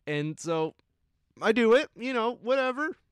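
A man's voice: very high voice, expressive, unhurried, smooth, no echo. A young man co-hosting a casual podcast, telling a story with wry asides. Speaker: podcast co-host.

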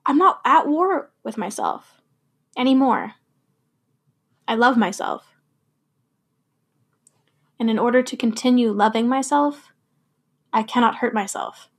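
A woman's voice: a little high, animated, a little slow, pauses often, breathy edge. A woman hosting a personal talk about quitting alcohol, speaking emphatically and repeating firm affirmations. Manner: emphatic, repetitive affirmations, swears freely. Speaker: podcast host. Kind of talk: personal sobriety talk with spoken-word poem.

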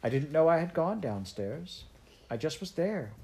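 A woman's voice: low voice, sing-song, moderate pace, warm tone, pitched above the performer's own voice. A woman voicing a frightened little girl, tearful. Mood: faint. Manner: faint, trembling, tearful.

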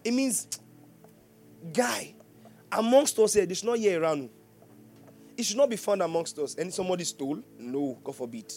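A Nigerian man preaching with a fairly high voice, full of jokes and laughter. He keeps asking his congregation questions as he goes, over soft music in the background. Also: lively intonation, moderate pace, pauses often. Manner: humorous, laughing often, teasing the congregation. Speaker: pastor. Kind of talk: sermon.

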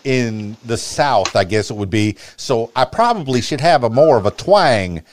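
A man's voice: mid-range voice, animated, moderate pace, slight background noise. A man from Miami hosting a podcast interview in a neutral American broadcaster accent, stammering and restarting often. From Miami, Florida, USA. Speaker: podcast host. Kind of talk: casual interview chat.

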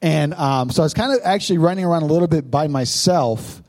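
A man's voice: on the high side, fast talker, darkish tone. A pastor in his thirties telling how he met his wife, teasing and joking as he preaches. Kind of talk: sermon told as a couple's story.

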